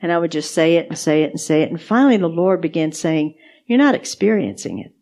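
A woman's voice: low voice, fast, warm tone. A woman co-hosting a podcast, sharing faith testimonies in casual chat, earnest and repeating words for emphasis. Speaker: podcast co-host.

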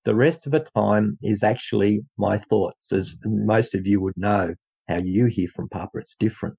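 A man's voice: fairly low pitch, moderate pace, creaky, mellow, husky, muffled recording. A man from Australia with an Australian accent, sharing a faith testimony in an earnest, hesitant way with many fillers. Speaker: guest speaker in an online faith group.

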